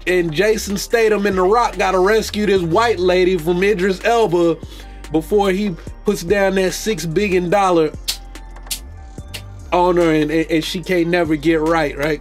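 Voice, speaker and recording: A man's voice: sits high, measured pace, faint music behind. A man hosting a podcast, riffing loosely about movies with jokes, slang and restarts. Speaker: podcast host. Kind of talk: casual movie commentary.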